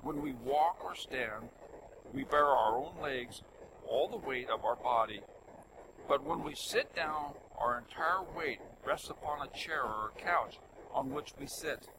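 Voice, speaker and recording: An older man preaching a sermon, telling stories in an animated way that swings between loud emphasis and soft asides. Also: medium pitch, unhurried, background noise.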